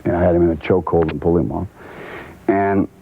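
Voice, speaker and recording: A man telling a lively anecdote as a talk show guest, often restarting and stumbling over his words. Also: deep voice, fast talker, a little hiss or hum. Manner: lively storyteller with frequent restarts and stammers. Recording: tinny, band-limited old TV tape.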